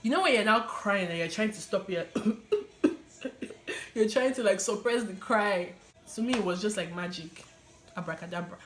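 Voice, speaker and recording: A young woman telling her personal testimony in an animated, casual way, often laughing and using fillers. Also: fairly low pitch. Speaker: vlogger sharing her testimony. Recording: echoey room.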